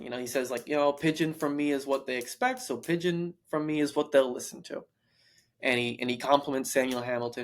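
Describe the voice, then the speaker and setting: A young man talks through a novel on his podcast in a loose stream of consciousness. He circles back, restarts his sentences and leans on fillers as he goes. His voice sits at an ordinary pitch for a man. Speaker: podcast co-host. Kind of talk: casual book discussion.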